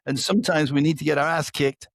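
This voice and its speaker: Animated, swearing male storyteller in a dry room. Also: a little high, quick pace, gravelly, dry recording. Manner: animated, swears freely, acts out voices in stories. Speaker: podcast guest, author. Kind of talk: casual storytelling chat.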